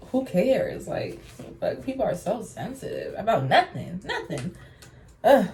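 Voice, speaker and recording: A woman's voice: mid-range voice, dark tone, slight background noise. A young woman vlogging casual girl talk while getting ready, blunt and sassy, swearing freely and calling viewers honey. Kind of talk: casual get-ready-with-me chat.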